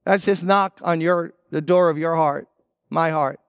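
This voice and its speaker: An older man preaching a sermon as pastor, speaking earnestly and pleading directly with listeners, then leading them in a slow prayer. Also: on the high side, fairly even intonation, slight background noise. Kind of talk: sermon with altar-call prayer.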